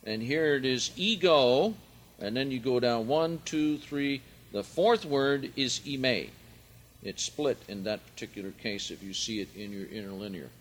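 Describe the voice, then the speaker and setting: A man leading a verse-by-verse Bible study, speaking deliberately and swelling loud and emphatic when he quotes scripture. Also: medium pitch, slight background noise. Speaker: Bible teacher.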